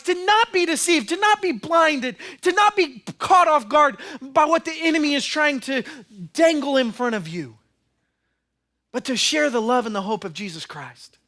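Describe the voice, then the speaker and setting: A preacher voicing God's urgent call. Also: male voice, very high voice, bright, forceful tone, pitched above the performer's own voice, heavily acted. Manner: fervent appeal. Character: God, urgent and commanding, sending believers out.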